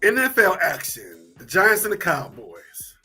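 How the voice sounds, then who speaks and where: A man's voice: high voice, huge pitch swings, unhurried, sharp tone, husky, faint music behind. A man co-hosting a casual sports talk show, loose and repetitive, laughing easily as he talks picks.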